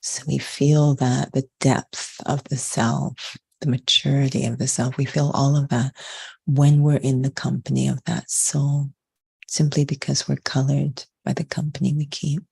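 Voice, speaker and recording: A woman from Canada, a meditation teacher giving a slow, measured spiritual talk. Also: extremely low pitch, creaky, husky. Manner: calm, measured, unhurried.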